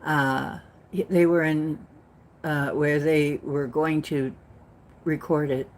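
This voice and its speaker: Slow, low-voiced woman talking spiritual matters. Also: fairly even intonation. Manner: earnest, rambling storytelling with many restarts. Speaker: spiritual channel host. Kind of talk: casual spiritual talk.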